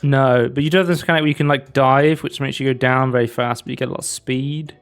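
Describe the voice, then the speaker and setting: A man's voice: mid-range voice, fairly even intonation, fast talker. A man co-hosting a casual podcast, chatting loosely about game demos with lots of fillers. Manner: rambling, lots of fillers and likes. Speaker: podcast co-host.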